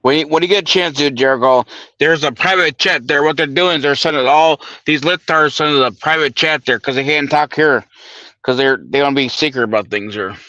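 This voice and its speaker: A man's voice: a little high, a little fast, sharp tone, no echo, dull audio. A man chatting eagerly as a guest on a streamed panel, often calling the host by name. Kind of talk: casual chat. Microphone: video call.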